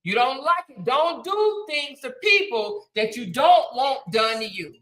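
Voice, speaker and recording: A woman hosting a casual livestream, repeating her points for emphasis and thanking viewers warmly by name. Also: sits high, animated, measured pace. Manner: emphatic, repeats phrases, preachy then affectionate. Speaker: livestream host. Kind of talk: casual livestream chat reading super chats.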